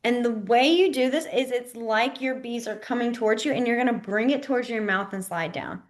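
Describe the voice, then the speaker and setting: Chatty woman teaching a beginner class. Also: fairly high pitch. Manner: chatty, repeats words slowly while demonstrating signs; frequent fillers like "like" and "um". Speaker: sign language teacher. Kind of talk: casual classroom instruction. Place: library classroom.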